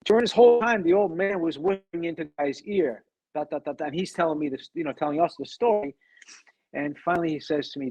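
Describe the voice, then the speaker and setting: Middle-aged male guest, lively raconteur voicing others' lines, fairly high-pitched, dry. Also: no echo, highs cut off. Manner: animated, acts out quoted dialogue, frequent restarts. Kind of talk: casual interview storytelling.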